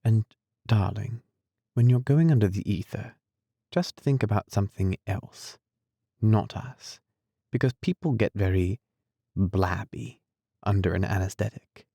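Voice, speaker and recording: A man voicing a tender, devoted young nurse in an audiobook, soft and coaxing. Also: fairly low pitch, measured pace, gravelly, pauses often, breathy edge, dry recording, clean studio sound, exaggerated voice. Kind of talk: audiobook character reading.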